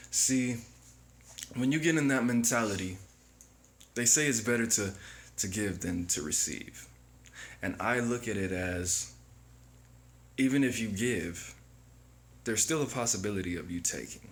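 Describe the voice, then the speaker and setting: A man hosting his own channel, giving a reflective, preachy motivational monologue to camera. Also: on the low side. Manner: slow, reflective, preachy self-help delivery. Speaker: channel host.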